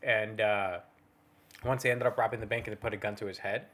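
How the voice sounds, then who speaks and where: A man's voice: lowish voice, fairly even intonation, brisk, a bit bright. A young man co-hosting a casual podcast, rambling with lots of fillers and restarts and swearing freely. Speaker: podcast co-host. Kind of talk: casual chat.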